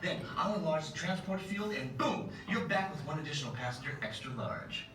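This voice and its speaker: A man's voice: expressive, lightly acted. Overconfident scientist played by a man, ride briefing, noisy and distant. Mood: breezy. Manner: fast, breezy, overconfident pitch. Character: reckless, eager male time-travel scientist. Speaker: ride pre-show scientist. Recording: very echoey space from far off, ride noise.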